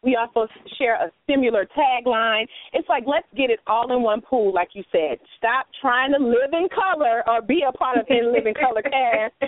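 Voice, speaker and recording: Bright-voiced woman hosting a radio interview, dry and tinny, super encouraging. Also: on the high side, dry recording. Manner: upbeat and encouraging. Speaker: radio talk show host. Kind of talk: interviewing a guest. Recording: dry, phone-like radio sound.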